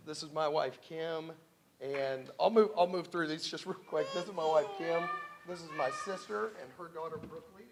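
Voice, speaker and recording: A man's voice: fairly high pitch, moderate pace. A man speaking at a family dedication, emotional and chatty as he introduces his relatives. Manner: emotional, warm-hearted, loose and chatty. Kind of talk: informal ceremony remarks, introducing family. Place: ceremony venue with family and children. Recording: crowd chatter and noise at a live event.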